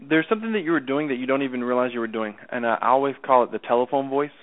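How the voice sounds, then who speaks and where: A man's voice: medium pitch, quick pace. A man coaching someone over the phone in a chatty way, often repeating himself and checking that he is understood. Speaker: sales coach. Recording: tinny phone line.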